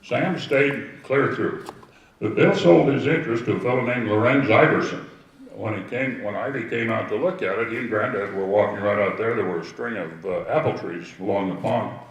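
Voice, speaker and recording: Heard from a distance in a roomy space, an older man with a low, gravelly voice tells family stories to an audience at an outdoor history event. His delivery is moderately paced and rambling, full of anecdotal asides. The recording sounds muffled, echoey, and far from the mic.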